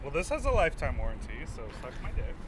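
A man's voice: mid-range voice, huge pitch swings, fast talker. A man chatting casually and teasing his friend while driving through a parking garage, with playful, theatrical outbursts. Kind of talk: casual chat. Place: inside a car in a parking garage. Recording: noisy car interior.

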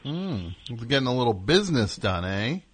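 A man's voice: mid-range voice, big pitch swings, normal speed. Sardonic rambling male radio host. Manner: sardonic, rambling, mock-indignant. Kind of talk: casual call-in radio talk.

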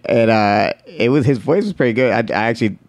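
Animated, profane man telling stories. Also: fast talker, no echo. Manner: animated, profane, jumps into high voices for quoted people. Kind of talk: casual storytelling chat.

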